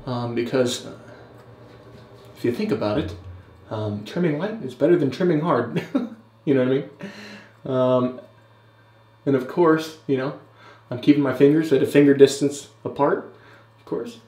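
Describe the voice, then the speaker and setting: A man doing an impression of a calm, earnest male narrator walking through a beard trim step by step, in a slow, deliberate, mock-serious manner. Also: medium pitch, close to an everyday voice. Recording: roomy echo.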